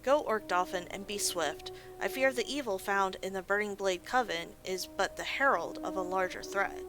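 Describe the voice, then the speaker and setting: A woman's voice: mid-range voice, normal speed, music in the background, natural voice, low-quality recording. A woman voicing a stern orc woman who gives orders and fears a coming threat. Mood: ominous. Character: grave orc woman giving orders, foreboding.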